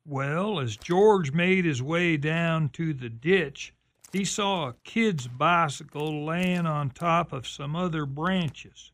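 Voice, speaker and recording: A man narrating a drama in a slow storytelling style. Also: on the high side, fairly bright tone.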